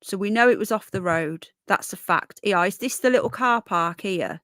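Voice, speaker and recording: Woman, live-stream host, mid pitch, talkative and casual, dry close sound. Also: normal speed, a bit bright, no room sound. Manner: chatty, thinks aloud, greets viewers by name.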